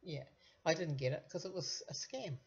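A woman's voice: deep voice, normal speed, vocal fry. A middle-aged woman, a vlogger giving casual commentary with wry, sarcastic asides. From New Zealand. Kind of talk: casual commentary reading out messages. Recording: dull lo-fi recording.

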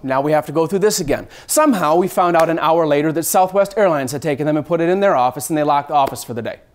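Animated man telling a travel story. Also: a little high, fast. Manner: lively, acts out scenes, mixes in swearing.

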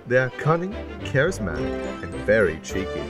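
A man narrating a children's storybook in an expressive, lively storytelling manner. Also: on the low side, moderate pace. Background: music.

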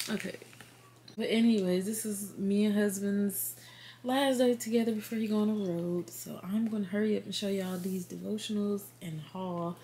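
A woman chatting warmly on her home vlog, retelling a story with quoted dialogue and heartfelt excitement. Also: mid-range voice. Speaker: vlogger, work-from-home mom. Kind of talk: casual faith vlog chat. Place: at home, sitting on the bed.

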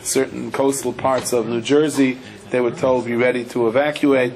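A man's voice: medium pitch, little pitch movement, moderate pace, creaky, a little mellow, faint music behind, low-quality recording. A male rabbi giving a chatty Torah lecture, telling stories with wry humor and many asides.

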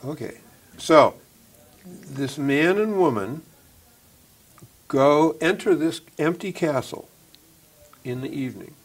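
Gravelly man puzzling over riddles. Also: a little high, animated, takes it slowly, pauses often. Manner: ponders aloud, hesitant, thinks through step by step. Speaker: co-host answering riddles. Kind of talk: casual chat.

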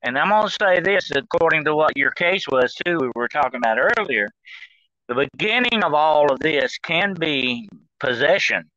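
A man with a bright, forceful voice speaks over a dull, muffled line that sounds dry and close. He rambles through his points with many fillers and restarts in a casual talk-show manner. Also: a little high, animated, moderate pace, no echo. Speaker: guest on demonology show.

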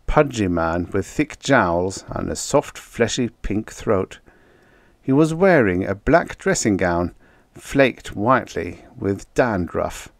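A man narrating a vintage science fiction story in a measured storytelling manner. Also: on the low side, dry recording, studio quality. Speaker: audiobook narrator. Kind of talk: scripted narration.

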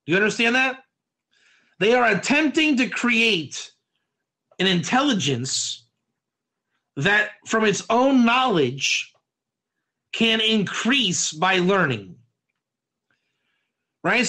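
Bright, animated man teaching a Torah lesson. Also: high-pitched. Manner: quizzes the audience with frequent questions; repeats and restarts phrases as he explains. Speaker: rabbi teaching a class. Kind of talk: Torah study lesson with modern analogies.

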